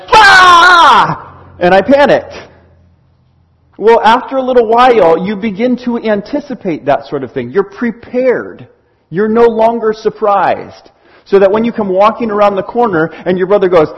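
A high-voiced man preaches with a lively, swooping delivery and a husky edge to his voice. He acts out small scenes as he makes his point. The recording sounds dull and lo-fi. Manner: animated, acts out little scenes. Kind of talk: sermon.

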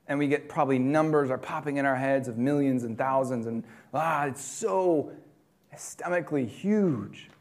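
A man preaching a sermon in a conversational way, swinging between loud emphatic lines and quiet, dropped ones. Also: fairly high pitch. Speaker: pastor.

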